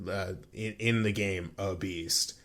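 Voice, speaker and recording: A young man co-hosting a casual podcast, recapping a video game plot. His voice sits low, and he rambles, halting and restarting with plenty of fillers. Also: steady tone, a bit bright. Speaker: podcast co-host.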